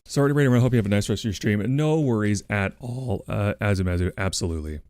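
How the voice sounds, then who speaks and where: A man's voice: fairly low pitch, quick pace, darkish tone, clear, resonant tone, no room sound. A male streamer in casual livestream chat, playful and casually swearing, cooing at his pets while he talks to viewers on a close desk mic.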